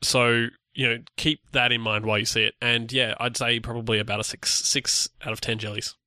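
A man's voice: mid-range voice, little pitch movement, brisk, bright, forceful tone, dry recording, studio quality. A man co-hosting a casual podcast, rambling with restarts and fillers. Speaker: podcast co-host.

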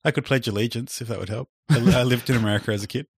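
A man co-hosting a podcast, chatting casually about tech and often trailing off softly at the ends of phrases. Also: medium pitch, very fast, creaky, breathy edge, no echo, studio quality. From Australia. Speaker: podcast co-host. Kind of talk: casual chat.

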